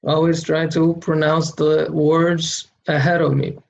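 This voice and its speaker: A man's voice: fairly high pitch, flat delivery, a little slow, creaky, dull audio. A man teaching Quran reading in an online lesson, patiently drawing out syllables for students to repeat.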